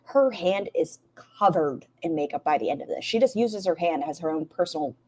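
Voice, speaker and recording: Lady streamer, lowish voice, snarky reactions, swears a lot and talks to chat. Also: expressive, brisk, a little mellow, husky. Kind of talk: casual live-stream commentary.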